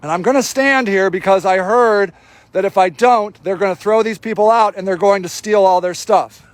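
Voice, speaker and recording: Very high-voiced indignant man. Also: moderate pace, no echo. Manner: indignant, sarcastic, swears freely. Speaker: activist filming a livestream. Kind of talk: live running commentary. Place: outdoor homeless camp in snowy cold.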